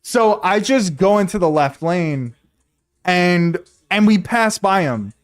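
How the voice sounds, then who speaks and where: A man streaming, telling a story to his chat in a casual, animated, profane way, often repeating himself. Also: high-pitched, slow pace.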